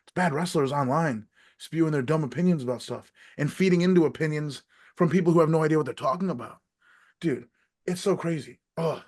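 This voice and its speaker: A man with an American accent, a wrestler and podcast guest, talking casually in a profane, ranting way that swings between loud outbursts and quiet asides. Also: on the high side, fairly quick. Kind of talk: casual interview chat.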